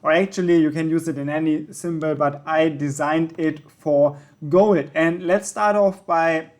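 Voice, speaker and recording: Young guy, german first language, slightly higher voice, chatty tutorial host, fills pauses with um and yeah. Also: steady tone, darkish tone. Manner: casual, self-correcting with frequent ums and yeahs. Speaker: trading channel host. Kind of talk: screen-recorded tutorial walkthrough.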